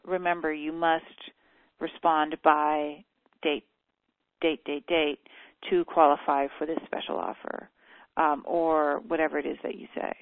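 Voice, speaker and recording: Gravelly woman coaching over a phone line. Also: deep voice, level tone, measured pace, no echo. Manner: frank, practical critique with many fillers. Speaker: copywriting coach. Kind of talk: feedback on a group coaching call. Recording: tinny dry phone line.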